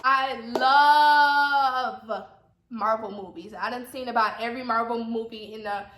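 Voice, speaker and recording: A young woman from Atlanta with a slight Southern accent talks casually to her camera, repeating herself and tossing in teasing asides. Her voice is bright and a little high. The room rings with echo under a faint hiss. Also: fairly even intonation, a little slow. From Atlanta, Georgia. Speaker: vlogger. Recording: echoey room with faint noise.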